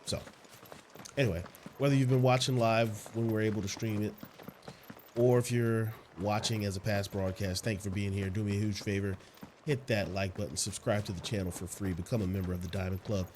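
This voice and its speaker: A man's voice: lowish voice, a little fast, noisy background. Nasal, congested man hosting a let's play. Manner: excited, chatty, stumbling restarts. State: congested, recovering from illness. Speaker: gaming channel host.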